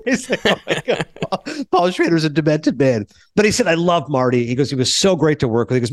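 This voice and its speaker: A podcast host with a fairly high voice casually retells film anecdotes, doing quoted voices and laughing along the way. The recording has no echo and the talk is relaxed storytelling chat.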